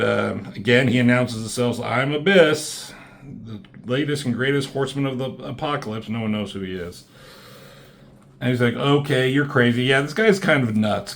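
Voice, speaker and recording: A man's voice: on the low side, a bit bright. A man casually talking through comic book pages, rambling and swearing, with lots of fillers and restarts.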